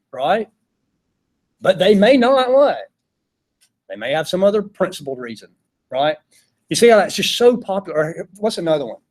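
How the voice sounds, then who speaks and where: Southern teacher lecturing in a classroom, slightly high voice, keeps asking "right?". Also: male voice, darkish tone. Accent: Southern US, Georgia. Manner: conversational, peppered with rhetorical "right?" checks. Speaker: philosophy teacher.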